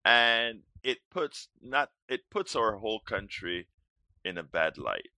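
Male call-in show host, preachy and emphatic, sharp tone, low voice. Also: big pitch swings, slow, no room sound. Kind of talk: call-in political talk show.

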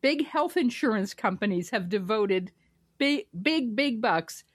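A woman co-hosts a political podcast in a wry, amused tone and laughs often. Her pitch sits fairly high and moves around a lot. The sound is dry and close. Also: animated, a little slow, dry recording. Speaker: podcast co-host. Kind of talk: casual political chat.

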